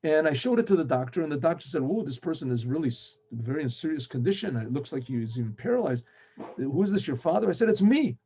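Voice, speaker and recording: A man, a rabbi, tells a story in lively style and acts out the dialogue between the characters in it. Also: fairly high pitch, fast talker, slightly rough. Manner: acts out quoted speech in lively back-and-forth. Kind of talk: animated storytelling retelling dialogue. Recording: dull lo-fi recording.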